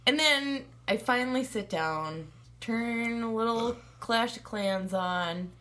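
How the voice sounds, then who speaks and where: A woman telling an animated, giggly story as a guest in a casual podcast chat. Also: fairly high pitch, slow.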